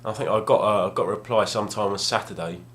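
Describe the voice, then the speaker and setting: A man's voice: lowish voice, fast, fairly bright tone. A young man telling a rambling, self-deprecating story at home, casual and full of restarts. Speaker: gaming vlogger. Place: home room, at a table.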